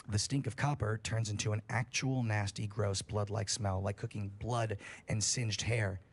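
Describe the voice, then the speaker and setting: A man on a livestream telling a scary story in a casual, profane way, building suspense. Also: fairly low pitch. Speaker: streamer.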